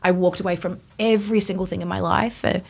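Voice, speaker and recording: A woman in her twenties, a podcast guest, telling her personal testimony in an animated way, acting out her past thoughts. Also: on the low side, fast talker, creaky. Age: 20s.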